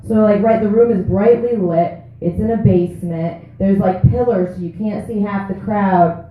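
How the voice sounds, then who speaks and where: A woman's voice: mid-range voice, moderate pace. A woman in her thirties doing a profane, brash stand-up set at an open mic. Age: 30s. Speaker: stand-up comic. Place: small comedy club stage. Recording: echoey room on a tinny, phone-like recording.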